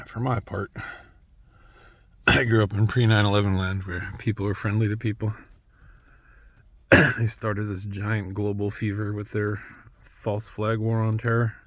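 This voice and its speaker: A man's voice: fairly low pitch, flat delivery, measured pace, pauses often, a bit bright, no room sound. A man in his thirties talking in a rambling monologue, restarting his sentences and coughing between phrases. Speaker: vlogger.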